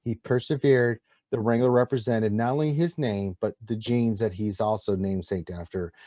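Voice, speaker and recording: A man's voice: on the low side, steady tone, normal speed, dark tone, dry recording. A man co-hosting a casual gaming show, joking and teasing as he reads out viewers' notes. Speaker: co-host.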